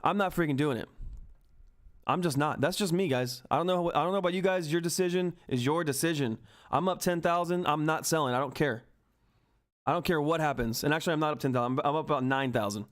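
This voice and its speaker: A man hosting a live stock market stream, talking excitedly and emphatically to his chat from home, repeating himself for emphasis. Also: on the high side, fast. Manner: hyped, repetitive, emphatic, swears mildly. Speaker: stock market livestream host.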